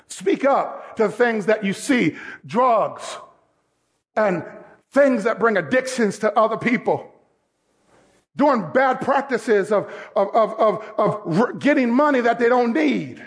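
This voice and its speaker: High gravelly-voiced male preacher. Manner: emphatic preaching that swells into shouts; mixes scripture reading with direct exhortation. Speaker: pastor. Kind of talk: sermon.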